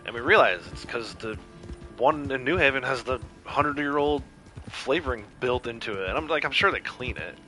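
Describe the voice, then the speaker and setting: A man's voice: medium pitch, lively intonation, moderate pace, pushed and bright, soft background music. A man with a Connecticut accent chatting casually and rambling easily as he streams a game. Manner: laid-back, rambling, chuckling. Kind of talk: casual chat while streaming gameplay.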